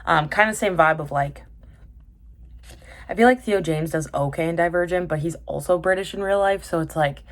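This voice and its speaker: A woman's voice: fairly low pitch, moderate pace. A young woman vlogging casually about dramas she has watched, chatty and tangent-prone, with lots of fillers and self-corrections. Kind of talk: casual rambling chat.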